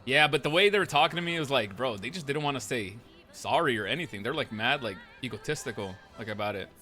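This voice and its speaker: A man's voice: medium pitch, animated, fast talker, bright, forceful tone, soft background music. A man telling a story in character during a roleplay game. He rambles, swears freely and acts out what others said. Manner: rambling, profane, acts out quotes. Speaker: roleplay player recounting events.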